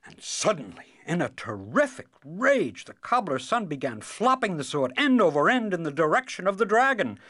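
A man reading a fairy tale aloud in a slow, expressive way. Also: a little high, dry recording, studio quality. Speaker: storyteller. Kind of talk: storybook read-aloud.

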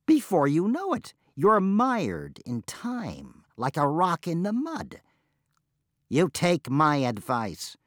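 A man voicing a curt, snappish dwarf who lectures in a measured way. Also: a little high, huge pitch swings, no room sound, studio quality, voice pushed up, exaggerated voice. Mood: scolding. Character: curt, snappish red-headed dwarf, scolding mortals.

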